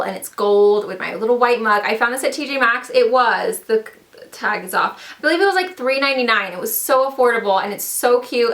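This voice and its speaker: A young beauty and lifestyle vlogger gushes over her favorite fall finds in a casual product haul, bubbly and saying "like" and "so cute" often. Her voice is on the high side and fairly bright, with a slight lisp from dental trays.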